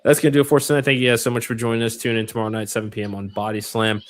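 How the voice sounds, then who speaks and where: A man co-hosting a wrestling podcast, easygoing and agreeable, answering with steady short replies. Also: mid-range voice, racing, slight background noise. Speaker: podcast co-host. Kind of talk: casual chat.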